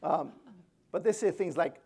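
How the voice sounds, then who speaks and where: A man's voice: sits high, unhurried, a little mellow, slightly rough. Hesitant man giving a conference talk. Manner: hesitant, many fillers and restarts, good-humored. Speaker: conference speaker. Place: conference room.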